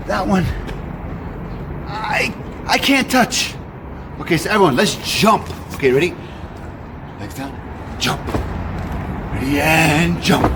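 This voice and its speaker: A man presenting a children's nature walk, speaking slowly and in an exaggerated, coaxing way that invites kids to join in, recorded outdoors. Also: high-pitched, lively intonation. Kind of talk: children's educational walk-along. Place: outdoors by a river. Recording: outdoor noise with passing traffic.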